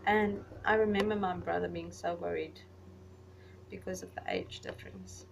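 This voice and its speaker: A young woman vlogger casually recounting personal memories, rambling and getting animated when she retells conversations. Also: on the low side, moderate pace, vocal fry. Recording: voice a little far from the mic, faint background noise.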